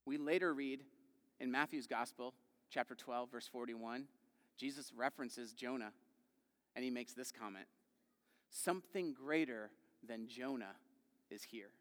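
A man preaching a sermon in a conversational way, asking the congregation questions and acting out quoted voices with big swings in loudness. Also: mid-range voice, a little slow, long pauses. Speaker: pastor. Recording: long hall reverb.

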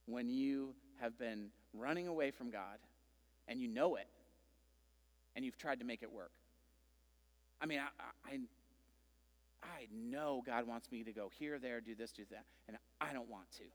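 A man preaching a sermon, telling a Bible story with animated, conversational delivery and playful acted-out voices. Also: medium pitch, unhurried, long pauses, in a large hall. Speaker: pastor.

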